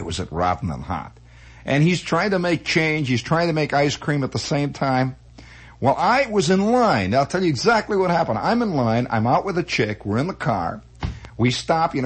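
A man telling comic stories in a rambling, animated way, full of restarts and acted-out voices. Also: a little high, moderate pace, husky. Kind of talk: comic storytelling monologue.

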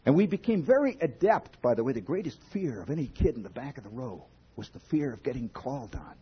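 A man with a husky voice telling a wry, profane comic story to an audience, building from low asides to loud outbursts. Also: very animated, quick pace, dull audio. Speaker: humorist speaking to an audience.

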